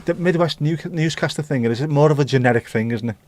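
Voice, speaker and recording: This British man's voice sits on the high side and has a darkish tone, and he talks fast over a little hiss or hum. He's hosting a casual livestream, reading viewer comments aloud and chatting about them with opinionated, mildly profane riffs.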